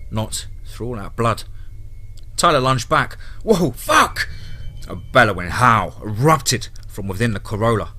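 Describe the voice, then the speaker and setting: Male horror narrator, bright tone, grim dramatic reading. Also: on the low side.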